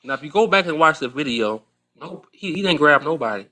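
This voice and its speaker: A man's voice: a little high, expressive, fairly quick, pushed and bright. A man giving blunt opinion commentary in a played clip, talking emphatically, repeating phrases and using plenty of slang.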